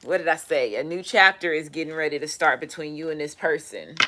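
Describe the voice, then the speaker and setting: A woman doing a casual tarot reading, talking in an animated, profane way. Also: deep voice, fairly quick, background noise. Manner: animated, profane, laughing asides. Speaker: tarot reader.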